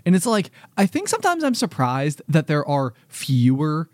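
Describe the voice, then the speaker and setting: A man's voice: a little high, huge pitch swings, moderate pace, dry recording, studio quality. A young man hosting a podcast in casual chat, rambling and full of "like" fillers. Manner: rambling, lots of "like" fillers, laughs easily. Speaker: podcast host.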